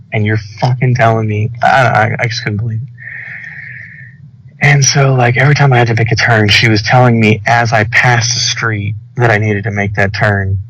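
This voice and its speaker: In a slightly muffled podcast recording, a young co-host with a lowish voice tells a story during casual chat. He swears and acts out the quoted lines with animation, over a little hiss or hum.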